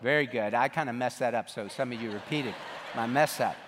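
A man preaching a sermon as pastor, telling the story in an animated way from a church sanctuary. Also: medium pitch, fairly quick, a loud crowd, very noisy. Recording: long reverb of a large room.

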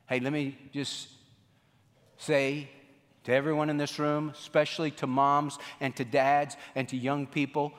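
A male pastor preaching a sermon, swinging between emphatic raised lines and hushed low drops. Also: flat delivery, measured pace. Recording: long hall reverb.

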